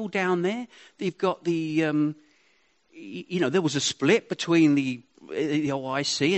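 A man giving an informal, chatty sermon to a congregation, rambling with self-deprecating asides. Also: fairly high pitch. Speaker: preacher.

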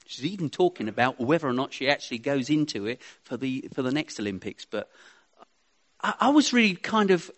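A man's voice: medium pitch, big pitch swings, a little fast. A man giving an informal, chatty sermon to a congregation, rambling with self-deprecating asides. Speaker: preacher.

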